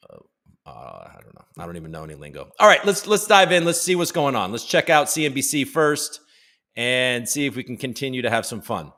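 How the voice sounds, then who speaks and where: An American man hosts a casual livestream from home, his medium-pitched voice sing-song, brisk, and sharp in tone. He jokes loosely and greets chat viewers by name.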